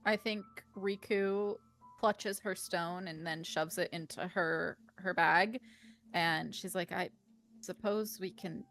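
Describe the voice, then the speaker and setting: Casual, lowish woman player. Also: fairly even intonation, slow pace, a bit bright, soft background music. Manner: casual, with many likes and ums. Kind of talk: in-character tabletop role-play.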